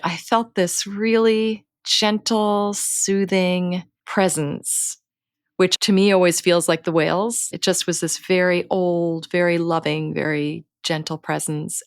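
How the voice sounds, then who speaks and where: A middle-aged woman, a guest author, telling personal stories in an earnest, unhurried way. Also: fairly low pitch, clean tone, dry recording, clean studio sound. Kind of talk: reflective personal storytelling.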